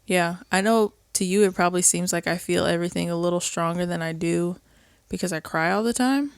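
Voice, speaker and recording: A woman's voice: lowish voice, brisk, clean tone, dry recording. A woman co-hosting a podcast, talking openly and casually about feelings and playing out little remembered exchanges. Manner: open and emotional, acts out little quoted exchanges. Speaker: podcast co-host. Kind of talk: casual chat.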